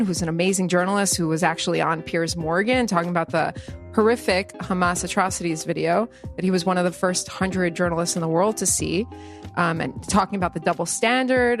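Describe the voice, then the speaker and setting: Effusive woman podcast host. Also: lowish voice. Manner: warm-hearted, effusive, chatty. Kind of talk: podcast interview and outro.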